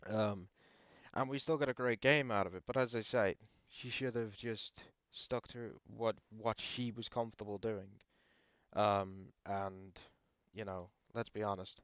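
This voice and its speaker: Hesitant young man, smooth dry voice. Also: lowish voice, fairly even intonation, unhurried, a bit bright, no echo. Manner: hesitant, frequent ums and restarts. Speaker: channel host answering viewer questions. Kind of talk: casual opinion talk to camera.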